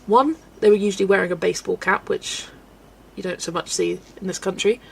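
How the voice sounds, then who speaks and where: Lady rambling on her colouring stream, a bit of fry, giggles a lot. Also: mid-range voice, fairly quick. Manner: giggly, rambling, greets viewers by name. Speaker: livestream host. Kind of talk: chatty livestream while colouring, reading chat.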